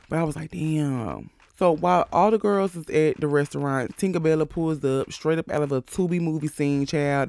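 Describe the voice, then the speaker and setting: A man hosting a casual recap of a reality show, sassy, animated and profane as he talks. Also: on the high side, no echo.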